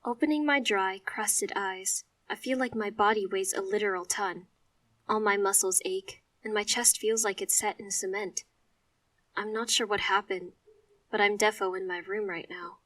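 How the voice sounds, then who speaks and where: Expressive woman narrating a story. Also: medium pitch, moderate pace, no room sound, recorded from a distance. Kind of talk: first-person story narration.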